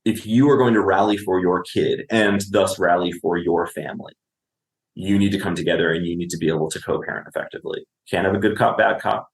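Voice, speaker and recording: A man's voice: low-pitched, a little fast, vocal fry, echoey room. A man, a clinician and podcast guest, explaining parenting in conversation, often asking "right?" and acting out what a parent would say.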